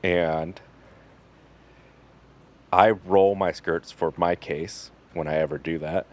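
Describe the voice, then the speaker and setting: A man with a very low voice talks through his butchering in an easygoing, instructional way. He keeps it loose and jokey, with plenty of fillers. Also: takes it slowly. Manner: relaxed and joking, with fillers. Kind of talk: casual instructional narration.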